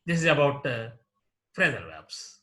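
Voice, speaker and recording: A man with an Indian English accent teaching a slow, deliberate lesson, repeating word lists one item at a time. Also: mid-range voice, very animated, pushed and bright. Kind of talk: classroom lecture.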